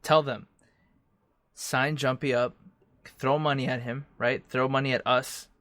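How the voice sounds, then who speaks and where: A man's voice: mid-range voice, fairly even intonation, unhurried, fairly bright tone, dry recording. A young man co-hosting a podcast, chatting casually, joking and swearing freely. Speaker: podcast co-host. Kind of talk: casual chat.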